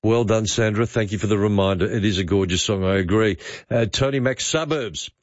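A man in his fifties with an Australian accent, hosting talkback radio with chatty quick asides. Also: lowish voice, dry recording. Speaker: radio host. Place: radio studio. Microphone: studio mic. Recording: slightly dull dry studio sound.

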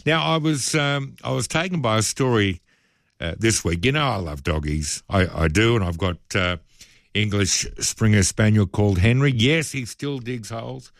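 Chatty Australian radio host, low voice. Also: male voice, expressive, normal speed, no room sound, studio quality. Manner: chatty, self-deprecating, loose asides. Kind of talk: casual talkback radio. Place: radio studio. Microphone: studio microphone.

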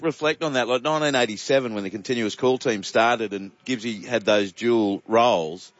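A man's voice: medium pitch, moderate pace, no echo, lo-fi sound. A man, a radio broadcast colleague, chatting and telling stories. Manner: chatty, storytelling. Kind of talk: casual chat.

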